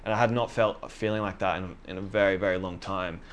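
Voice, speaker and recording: A man's voice: low voice, fairly even intonation, fast talker. A young man giving a sermon as a casual story, self-deprecating and chatty, with many fillers and quoted asides to himself. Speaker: preacher.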